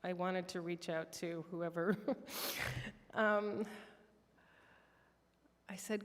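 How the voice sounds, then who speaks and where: Slow, heartfelt woman in reverberant church. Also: on the low side, steady tone. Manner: heartfelt, soft-spoken, emotional storytelling. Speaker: church storyteller and singer. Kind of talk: personal prayer story in worship. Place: church sanctuary.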